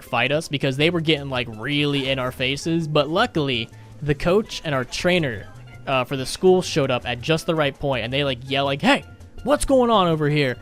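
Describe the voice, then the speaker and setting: A young man with a slightly high voice tells a rambling, self-mocking story, joking at his own expense as he goes. The voice sits a little above the usual male range, with faint music playing behind. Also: fairly bright tone. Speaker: gaming YouTuber. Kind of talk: storytime over gameplay.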